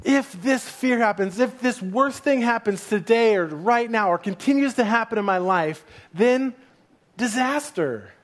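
High-voiced guy preaching, animated storytelling. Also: a little slow. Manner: animated, dramatic retelling. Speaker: pastor. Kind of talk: sermon storytelling.

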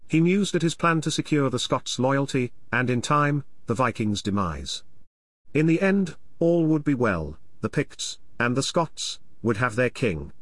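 A man narrating an audiobook in a measured, expressive reading. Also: mid-range voice, no room sound. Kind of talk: scripted narration.

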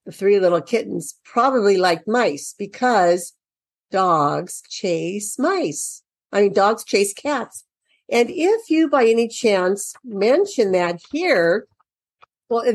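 Lively, slow-paced woman teaching parents. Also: mid-range voice, no echo. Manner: chatty, thinks aloud, sing-song when reading to children. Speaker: educator presenting reading workbooks to parents. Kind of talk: casual instructional walkthrough. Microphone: computer mic during an online screen share.

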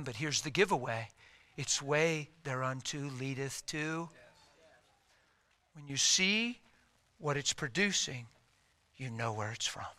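A male preacher giving a sermon, telling stories in an animated, humorous way. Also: medium pitch.

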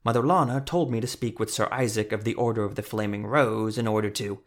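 A man's voice: lowish voice, brisk. A man voicing a nervous, polite male craftsman who speaks in a slightly pleading way. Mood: earnest.

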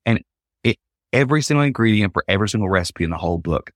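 A man's voice: fairly low pitch, very fast, no echo, clean studio sound. A man, a guest on a podcast, telling a personal story and acting out the people in it. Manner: animated, acts out quotes in the story. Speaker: podcast guest, Christian singer.

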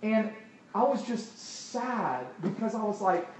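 Preacher in an echoey hall. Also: male voice, high-pitched, expressive, measured pace. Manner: conversational preaching with rhetorical questions. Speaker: pastor. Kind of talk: sermon. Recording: echoey hall, distant mic, loud noise.

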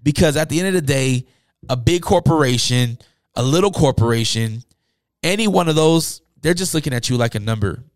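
A man's voice: medium pitch, animated, brisk, no room sound, clean studio sound. A man hosting a podcast and chatting in a loose, motivational way, with many fillers and restarts. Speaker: podcast host and DJ. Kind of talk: casual podcast monologue.

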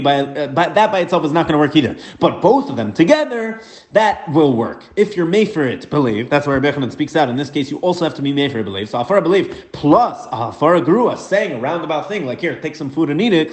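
A man giving a Talmud lesson, explaining the text quickly and mixing English with Hebrew and Aramaic terms. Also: a little high. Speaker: Talmud teacher. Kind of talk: daf yomi Gemara lesson. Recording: echoey room.

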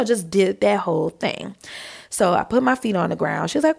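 A woman's voice: medium pitch, fast talker, creaky. A woman hosting a podcast, telling a personal story in a casual, chatty way and acting out what others said. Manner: chatty, animated, acts out quotes. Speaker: podcast host.

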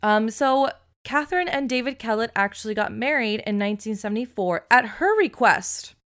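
A woman's voice: a little high, normal speed, a bit bright. A woman co-hosting a podcast, telling a true crime story in a chatty, casual way, swearing freely and saying "like" often. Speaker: podcast co-host.

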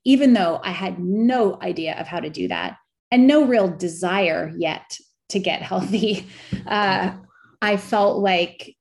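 Thoughtful, halting middle-aged woman. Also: on the low side. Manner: thoughtful, halting, with frequent restarts and soft laughs. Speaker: interview guest, actress and memoir author. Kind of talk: reflective conversational interview.

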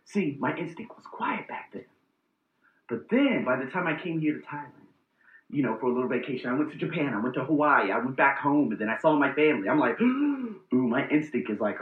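A man hosting a casual vlog, telling personal stories in a blunt, profane, animated way. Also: fairly high pitch, brisk, echoey room, phone-quality sound. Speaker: host.

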